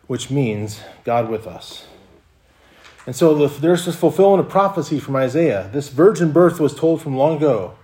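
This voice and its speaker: A man's voice: mid-range voice, expressive, moderate pace, warm tone. A man preaching a sermon as pastor, earnest, often repeating words as he restarts a phrase.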